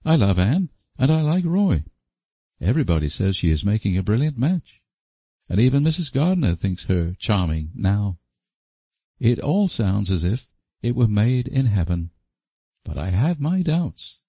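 A man's voice: fairly low pitch, very animated, unhurried, dark tone, breathy edge, no room sound, voice pushed up, heavily acted. A man reading an audiobook voices a young woman who makes cool, dry remarks. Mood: wry. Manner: dry, offhand asides.

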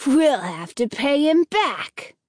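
A woman's voice: sits high, very animated, takes it slowly, darkish tone, no room sound, voice pushed up, heavily acted. A woman voicing a scheming boy who scoffs and challenges the others. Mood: scornful. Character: scornful scheming boy, Alan.

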